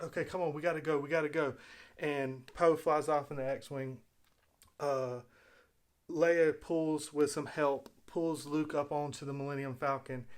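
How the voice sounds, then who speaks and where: A man hosting his own video, talking in a casual, rambling way as he retells a story, with fillers and restarts. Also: medium pitch. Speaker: video host. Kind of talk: casual spoken commentary.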